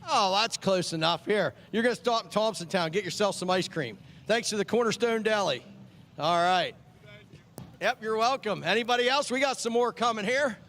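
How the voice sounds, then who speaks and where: A track chaplain at an outdoor speedway hands out ice cream vouchers, chatting with kids over the PA in a friendly, joking way and repeating their names back. His voice is high and fairly bright, at a moderate pace, with slight background noise.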